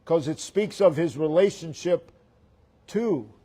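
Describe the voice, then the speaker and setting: A man preaching a sermon in a high voice, drawing each phrase out slowly. He builds his lines in repeated rhythmic steps, rising loud on the key words and then falling to a near hush. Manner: preaching with swelling emphasis then dropping to near-hushed lines. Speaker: pastor.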